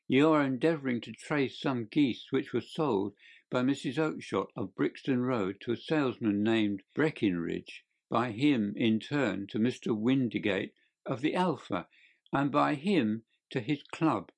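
A man reading an audiobook, voicing a calm, clever detective who speaks in a bland, measured way. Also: medium pitch, vocal fry. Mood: composed.

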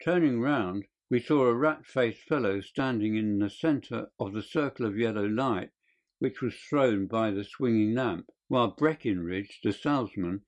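A man reading an audiobook narration in a steady, measured way. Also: medium pitch.

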